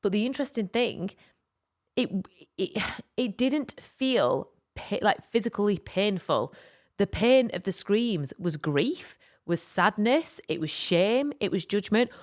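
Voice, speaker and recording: A woman co-hosting a podcast, telling a personal story in an animated, rambling way with lots of fillers. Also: mid-range voice, unhurried. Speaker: podcast co-host. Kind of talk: casual storytelling chat.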